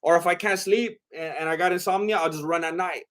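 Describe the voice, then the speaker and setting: A young man chats loosely on a livestream, his voice sitting a little high for a man. He rambles and hesitates, trailing off into fillers and starting his sentences over. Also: fairly even intonation, fast, a bit bright. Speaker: livestream host reading chat. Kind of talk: casual livestream chat.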